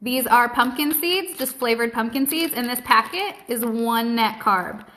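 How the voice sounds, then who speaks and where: A woman with a high, bright, sharp voice chats live from home into her phone. She is blunt, cheerful and swears freely, talking with her mouth full between bites. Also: expressive, measured pace. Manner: blunt, cheerful and heavily profane; talks with her mouth full while eating. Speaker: host of a live keto Q&A stream. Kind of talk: casual live-stream chat while eating.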